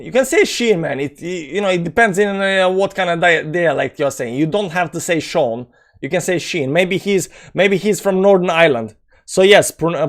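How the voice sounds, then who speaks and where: A man's voice: sits high, expressive, normal speed. A man with a Balkan accent hosting a live crypto stream, rambling with many fillers as he reads and answers viewer comments. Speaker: crypto channel host. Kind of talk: live-stream chat reading.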